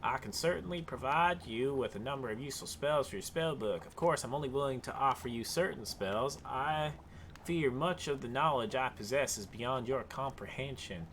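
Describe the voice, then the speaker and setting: A man's voice: medium pitch, moderate pace, a bit bright, slight background noise, natural voice. A man voicing an aloof, reclusive old male wizard in a put-on Southern drawl for a video game let's play. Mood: haughty. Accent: put-on American Southern.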